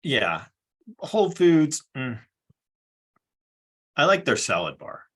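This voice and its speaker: Bright-voiced, easygoing man co-host. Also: medium pitch, huge pitch swings, slow pace, husky. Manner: easygoing, rambling with fillers. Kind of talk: casual chat.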